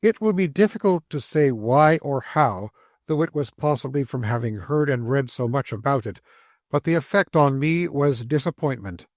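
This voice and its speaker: A man reading a classic travel memoir aloud as an audiobook narrator, in measured, descriptive storytelling. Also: mid-range voice, expressive, a little mellow, dry recording, clean studio sound.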